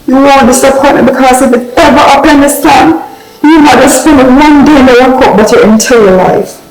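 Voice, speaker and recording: A woman's voice: high-pitched, moderate pace, roomy sound, rough recording. An actress playing a stern but loving mother who scolds and then forgives her only daughter. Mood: tender. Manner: scolding, pleading, then soft and tender. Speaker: actor in a drama. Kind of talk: film drama acting.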